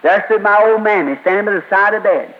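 A humble old blind man pleads in a high voice, as a preacher quotes him in his sermon. The sound is dull and lo-fi, like an old sermon tape. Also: fast, close to an everyday voice. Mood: pleading.

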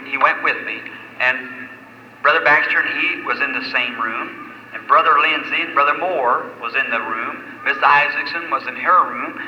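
A man's voice: mid-range voice, bright, forceful tone. Male preacher, folksy and fervent, old lo-fi recording from a reverberant hall with faint hiss. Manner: folksy storytelling, rising to fervent exhortation. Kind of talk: sermon storytelling.

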